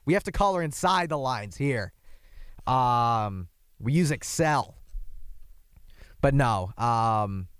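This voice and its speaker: A young man hosting a podcast, his voice hoarse from yelling, rambling in a casual, self-deprecating monologue with jumpy asides. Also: medium pitch, lively intonation, slow, long pauses, no echo, clean studio sound. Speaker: podcast host. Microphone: microphone.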